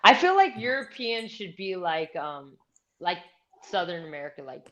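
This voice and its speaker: A woman chatting in a loose comedy round-table, animated and blunt. She swears freely and acts out quoted lines in her stories. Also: lowish voice, moderate pace, muffled recording.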